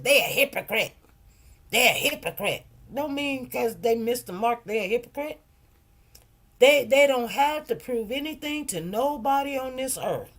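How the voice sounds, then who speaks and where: A middle-aged woman hosting a casual livestream, telling stories and preaching in an emphatic, heartfelt way. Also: a little high. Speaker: livestream host.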